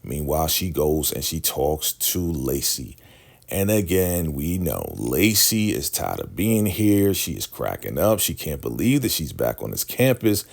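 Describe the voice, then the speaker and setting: Very deep gravelly man recapping TV. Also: a little slow. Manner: animated, slangy, acts out the lines. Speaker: TV recap creator. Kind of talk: casual TV episode recap.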